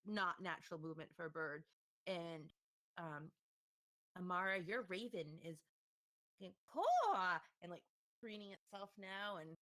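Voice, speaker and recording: A woman's voice: medium pitch, sharp tone. A woman narrating a tabletop game as game master, playful and tossing in animal noises.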